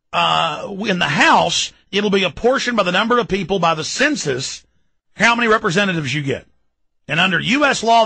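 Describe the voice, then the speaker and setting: A man in his thirties with a Texan accent, hosting a talk show and ranting about politics, loud and mocking, shouting at times. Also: a little high, creaky, husky, dry recording, rough recording. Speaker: radio talk show host. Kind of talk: fired-up political rant.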